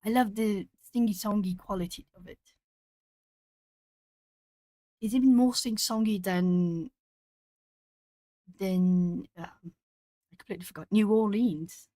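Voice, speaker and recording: A woman's voice: medium pitch, steady tone, unhurried, long pauses, warm tone. A woman with Portuguese as her hosts an art stream at home. She chats casually with viewers while she colours, musing aloud as she goes. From Brazil.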